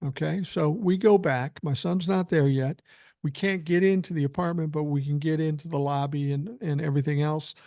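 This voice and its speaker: A man's voice: a little high, steady tone, moderate pace, gravelly, warm tone, dry recording, studio quality. A man in his sixties hosting a podcast, telling a rambling, chatty story with filler words while feeling unwell. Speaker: podcast host. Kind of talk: casual storytelling.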